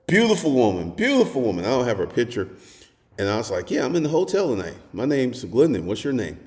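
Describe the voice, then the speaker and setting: Blunt, crude man with a lively voice. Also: mid-range voice, fast talker, long reverb tail. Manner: crude, animated storytelling, swings to shouting. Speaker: dating advice host. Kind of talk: blunt monologue.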